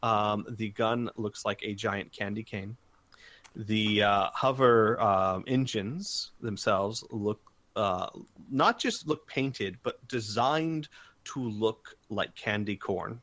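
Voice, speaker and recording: A man's voice: on the low side, slow, fairly bright tone. A man narrating as game master in a casual tabletop game, hesitant and full of fillers.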